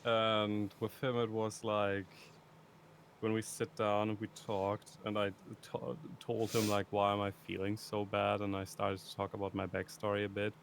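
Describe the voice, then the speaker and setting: A man's voice: on the low side, flat delivery, normal speed, gravelly, a little hiss or hum. A young man streaming, chatting casually and rambling through a story with frequent laughter. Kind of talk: casual chat.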